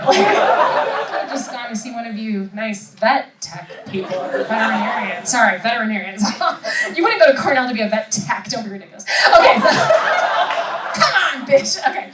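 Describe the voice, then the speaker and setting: A woman's voice: fairly high pitch, lively intonation, moderate pace, heavy background noise. Chatty self-mocking woman comedian. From Rochester, New York. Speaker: stand-up comedian. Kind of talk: stand-up with crowd work. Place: comedy club stage. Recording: echoey room, far mic, loud crowd.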